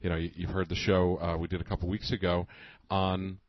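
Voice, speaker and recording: A man's voice: low voice, level tone, no room sound, highs cut off. A man co-hosting a food radio show, talking with enthusiasm and plenty of restarts about seasonal produce. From Northeast US. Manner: enthusiastic, halting with many restarts. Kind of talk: casual radio food chat. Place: radio studio.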